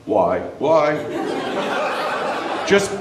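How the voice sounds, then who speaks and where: Working the crowd live in a comedy club, this Canadian comic has a voice on the high side and tends to draw out his words. Captured off-mic in a roomy space with noticeable noise, he gets animated and breaks into loud impressions and rants.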